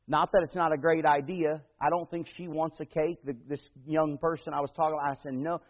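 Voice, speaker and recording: A man preaching a sermon as pastor, telling a personal story in a folksy way, moving between loud emphatic passages and hushed slow ones. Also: a little high, little pitch movement. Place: church. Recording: tinny phone-like radio broadcast in a big reverberant hall.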